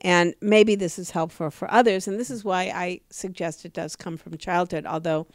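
Middle-aged female comic, podcast co-host; smooth, dry, close-miked; animated personal storytelling. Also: fairly low pitch, moderate pace, no echo. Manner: vivid storytelling, acts out quoted voices. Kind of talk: casual podcast conversation.

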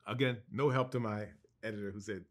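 A man being interviewed as a guest co-writer, telling an anecdote in an animated, excited way, with restarts and laughs. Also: on the low side, a little fast.

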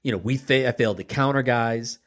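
Man, casual host, reflective explainer, unhurried. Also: mid-range voice. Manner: reflective, explains at length with restarts. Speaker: podcast host, automotive industry leader. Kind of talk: casual conversation.

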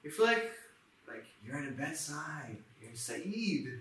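A man's voice: on the high side, big pitch swings, takes it slowly, fairly bright tone, heavy reverb, recorded from a distance, rough recording. A man from Israel, adding short, fragmentary remarks as an interview guest. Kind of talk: casual interview.

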